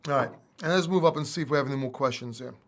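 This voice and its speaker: A man hosting a casual livestream Q&A, animated and blunt, firing off rhetorical questions and mocking what he dislikes. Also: mid-range voice, rapid-fire. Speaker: crypto channel host.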